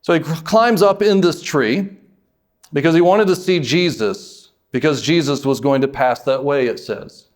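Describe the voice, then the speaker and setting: A man from the United States preaching a sermon as pastor, emphatic, drawing out words and lifting suddenly in pitch and volume, with folksy asides. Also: normal speed.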